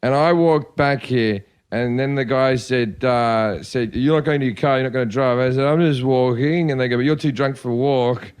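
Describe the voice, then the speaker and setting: A comedian telling rowdy stories on a podcast, animated and swearing freely. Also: male voice, mid-range voice, moderate pace, hardly any pauses, clear, resonant tone. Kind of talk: casual podcast chat.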